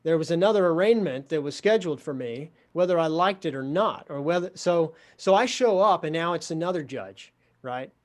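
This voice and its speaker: A man telling a story in a wry, animated way, acting out the dialogue. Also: on the high side, brisk. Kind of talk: storytelling in a conversation.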